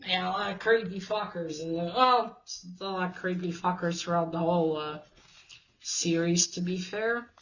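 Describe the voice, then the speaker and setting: A woman's voice: on the low side, normal speed, muffled recording, slight background noise. A woman casually recapping a comic issue in a rambling way, swearing freely and restarting her sentences often. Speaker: comic review host.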